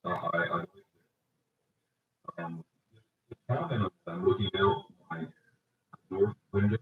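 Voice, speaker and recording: A man rambling on a solo livestream from his home cabin, talking into a laptop, halting and restarting often. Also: low voice, slightly rough, narrow, tinny audio. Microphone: laptop microphone.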